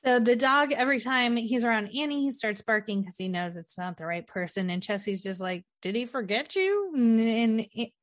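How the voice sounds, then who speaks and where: A woman's voice: on the high side, brisk, few pauses, no echo. Young female podcast co-host, chatty recap style, dry close recording. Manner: animated retelling, acts out character lines. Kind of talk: casual movie recap chat.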